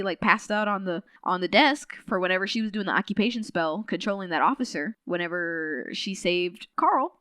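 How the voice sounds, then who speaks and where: A woman podcast host casually recapping a novel's plot in a chatty, animated way, full of "like" and acted-out quotes. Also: clear, resonant tone, no room sound. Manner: chatty, filler-heavy retelling with lots of "like"; animated, quotes characters with shifting pitch.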